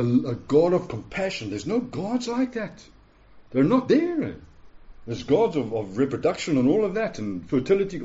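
A pastor in his forties preaches a sermon to a live congregation in a church hall, emphatic and repeating phrases while checking in with "yeah?" His voice is on the high side with a dark tone, and the sound is lo-fi.

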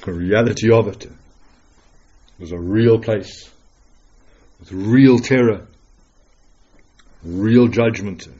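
A man preaching a dramatic, earnest sermon full of rhetorical questions, swinging between loud declarations and hushed words. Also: fairly low pitch, takes it slowly, long pauses, husky, muffled recording.

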